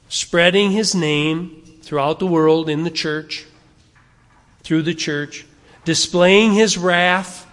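A man's voice: high voice, in a large hall. A male pastor preaching a sermon in a church, earnest and conversational, acting out the arguments people raise. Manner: softens and slows into prayer at the close.

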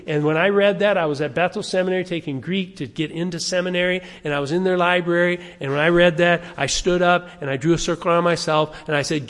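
A man's voice: fairly high pitch, fairly even intonation, quick pace, fairly bright tone. An older man, a pastor preaching a sermon in a conversational way, asking the congregation questions. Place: church sanctuary. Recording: long reverb of a church hall.

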